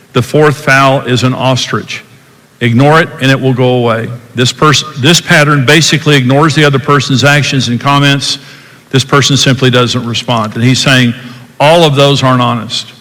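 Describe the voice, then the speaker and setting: Speaking at a medium pitch with a pushed, bright quality, an older male podcast host gives teaching talk about marriage. He's earnest and emphatic, performs quoted dialogue, and the audio has long hall reverb.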